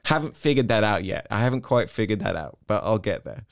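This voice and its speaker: A middle-aged man with an English accent, chatting as an interview guest and telling stories in a quick, animated way. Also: lowish voice, creaky, no room sound, clean studio sound. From Hong Kong-born, British. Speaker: interview guest, content creator. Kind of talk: casual interview chat.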